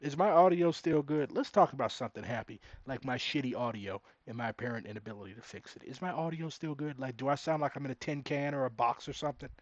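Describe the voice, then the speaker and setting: A man's voice: mid-range voice, fast, hardly any pauses, no room sound. A man streaming live, ranting sarcastically and with exasperation at a debate clip he is reacting to. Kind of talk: casual live-stream commentary. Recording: dull, boxy mic sound.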